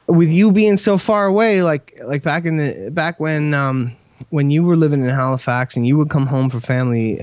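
A man hosting a podcast, talking earnestly and at length, with halting restarts and casual swearing. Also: a little high, a little mellow, no room sound. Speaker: podcast host.

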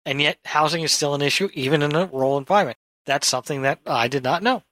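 A man from New York hosts a radio talk show, joking and playful. His voice is fairly high and bright, close and dry on the studio microphone. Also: fast talker, no room sound, low-quality recording. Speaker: radio host.

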